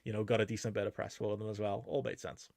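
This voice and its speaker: A man talks quickly and casually as a podcast co-host. He runs through news items with plenty of ums and uhs, at a middle pitch, in a dry, close recording. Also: level tone, creaky, a little mellow, dry recording. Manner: quick, filler-heavy, reading news items.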